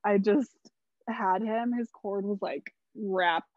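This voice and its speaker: A woman's voice: mid-range voice, slow pace, dry recording. A young woman telling a personal story in a casual podcast chat, full of "like" and some casual swearing. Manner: chatty, lots of "like", casual swearing. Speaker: guest telling her birth story. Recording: slightly dull, dry recording.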